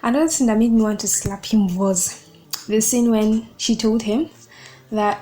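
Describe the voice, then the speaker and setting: A woman's voice: fairly high pitch, normal speed. Emotional young woman reviewing a book. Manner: emotional and expressive, gushing. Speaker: podcast host reviewing a book.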